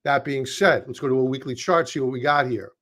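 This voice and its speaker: A man with a Brooklyn accent offers casual, chatty stock market commentary, joking at his own expense and restarting sentences wordily. His voice is medium-pitched, brisk and a bit bright.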